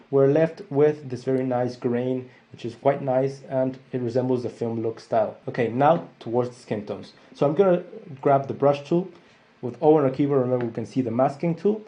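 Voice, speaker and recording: A young adult man explaining photo editing software step by step, often calling his viewers guys. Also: medium pitch, dull audio. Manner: steady step-by-step walkthrough, addressing viewers as guys. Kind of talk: screen-recorded software tutorial.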